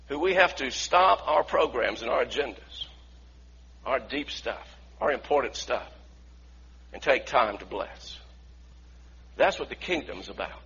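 Man, pastor, sermon, animated, loud-to-quiet swings, bright tense voice, muffled recording. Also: mid-range voice, a little hiss or hum. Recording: slightly dull lo-fi sound.

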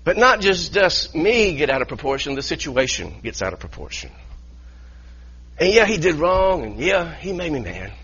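A man, a pastor, telling an animated story in a sermon with laughing asides. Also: on the high side, moderate pace, husky. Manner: animated, laughing asides, grows heated in retelling. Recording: dull lo-fi sound.

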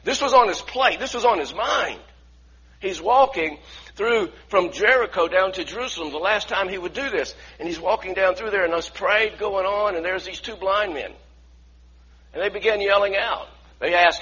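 Animated male preacher, bright husky voice. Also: high-pitched, fairly quick. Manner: animated, acts out voices from the story, asks the congregation to repeat. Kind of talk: sermon. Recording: dull lo-fi recording.

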